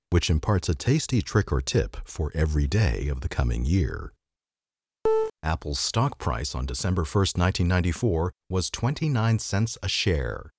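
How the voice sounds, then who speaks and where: A man's voice: low-pitched, darkish tone, breathy edge, no echo. A man hosting a podcast, reading an old magazine article aloud with a dry, wry delivery. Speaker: podcast host.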